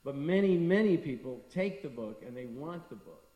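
A man's voice: on the high side, lively intonation, moderate pace, lo-fi sound. A middle-aged man giving a devotional talk, telling stories and acting out the people he met. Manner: storytelling, acting out quoted people. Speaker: temple speaker. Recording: echoey hall from a distance.

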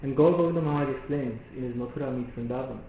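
A man giving a devotional lecture in a measured, explanatory way, often asking rhetorical questions. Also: medium pitch, slight background noise. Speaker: preacher. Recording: echoey hall on a phone-like line.

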